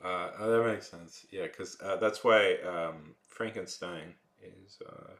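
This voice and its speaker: A man with a fairly low voice chats loosely with his live-stream viewers. He rambles and trails off with fillers as he goes. The room around him adds a noticeable echo. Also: takes it slowly, fairly bright tone. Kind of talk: casual live-stream chat.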